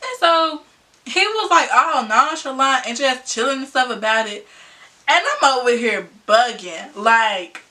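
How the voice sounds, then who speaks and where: Young woman vlogger, high-pitched and bright, animated slangy storyteller, mic a bit distant. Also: unhurried. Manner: animated, laughing often, slangy and conversational. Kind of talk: casual storytime.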